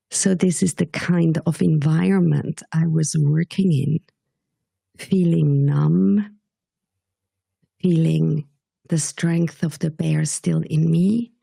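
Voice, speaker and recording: Woman, very low gravelly voice, unhurried measured storytelling, soft and at times whispering. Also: dry recording. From Switzerland. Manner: slow, measured, sometimes dropping to a whisper. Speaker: guest. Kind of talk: podcast interview storytelling.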